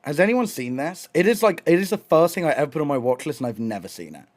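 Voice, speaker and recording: Excitable, rambling streamer. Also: male voice, on the high side, fast. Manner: excitable, rambling, swears a lot, many restarts. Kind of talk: casual live-stream chat.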